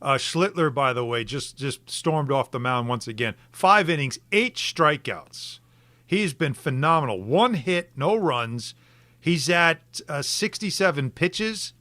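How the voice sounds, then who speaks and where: A man co-hosting sports talk radio, animated and fond of rhetorical questions. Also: on the high side, unhurried, no echo.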